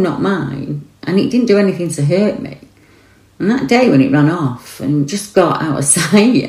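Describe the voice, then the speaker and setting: A woman voicing a shaken eyewitness who retells a forest encounter in the first person, earnest and rushed. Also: lowish voice, dark tone, echoey room, poor audio.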